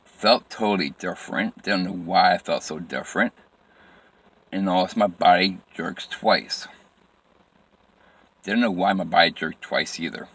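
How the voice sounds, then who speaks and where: A man telling a personal story from his life in plain, halting phrases with frequent restarts and repetition. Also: sits low, fairly bright tone.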